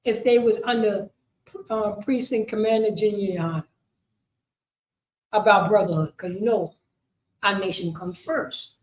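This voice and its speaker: A woman teaching a scripture class, preaching with call and response, impassioned and rising to shouts, then dropping low. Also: fairly even intonation, measured pace, long pauses. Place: classroom at a group's headquarters. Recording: roomy, muffled room recording.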